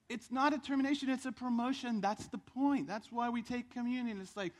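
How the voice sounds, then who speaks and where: A man's voice: extremely high pitch, fairly quick, few pauses. A man preaching a sermon in a church, fervent and exhortative, repeating phrases for emphasis. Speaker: pastor. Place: church sanctuary.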